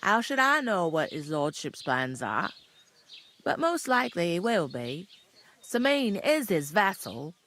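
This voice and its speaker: A gossipy tavern keeper. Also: female voice, on the low side, big pitch swings, unhurried, fairly bright tone. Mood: chatty. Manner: accent drifts between regions mid-sentence. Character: gossipy tavern keeper woman, blunt and busy.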